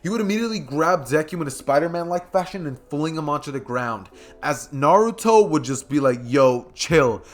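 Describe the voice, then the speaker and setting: A man's voice: a little high, lively intonation, brisk, soft background music. A man narrating a fan story casually as a YouTube host, rambling and chatty with many fillers.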